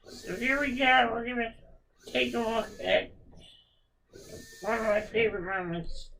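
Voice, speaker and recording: Slow, creaky, heartfelt woman podcaster. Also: a little high, a bit bright, slight background noise, low-quality recording. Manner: slow, heartfelt, repeats words for emphasis. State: emotional. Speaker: podcast host. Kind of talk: reflective podcast monologue.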